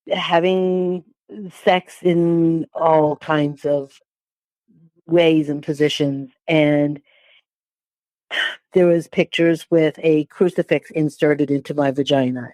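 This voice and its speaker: Low-voiced woman in her sixties. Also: a little mellow, no echo. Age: 60s. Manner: halting, with repeated words and restarts. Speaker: interview guest. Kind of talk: personal testimony.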